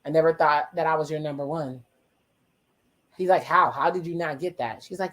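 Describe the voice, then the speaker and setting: A casual watch-along host who talks back at the screen at a medium pitch. The host swears freely, drops wry exclamations and slips into quick quoted voices to retell what the people on screen say. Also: a bit bright. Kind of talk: casual reaction commentary.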